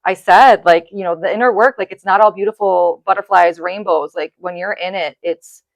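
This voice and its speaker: A woman hosts a heartfelt podcast conversation from an office, gushing and openly emotional. Her voice sits a little low and the room sounds close and dry. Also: fairly even intonation, moderate pace, no echo. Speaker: podcast host. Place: office space, indoors.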